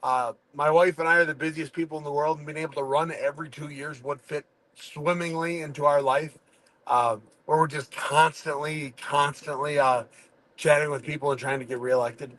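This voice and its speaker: Halting higher-pitched man in casual chat. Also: fairly even intonation, fairly bright tone, poor audio. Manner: frequent restarts and stammering. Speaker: guest, fighter.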